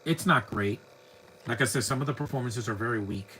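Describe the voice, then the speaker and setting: A man's voice: medium pitch, brisk, pushed and bright, slight background noise, rough recording. A man giving a live movie commentary, chatty and opinionated, full of rambling asides. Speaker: film commentator.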